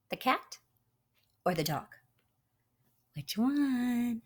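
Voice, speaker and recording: A woman reads a picture book to little kids, her voice swooping far up and down with every line. She speaks slowly and a little high, coaxing her listeners along like a patient teacher at storytime. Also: wildly swooping pitch, fairly bright tone. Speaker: children's story reader. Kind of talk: reading a picture book aloud to children.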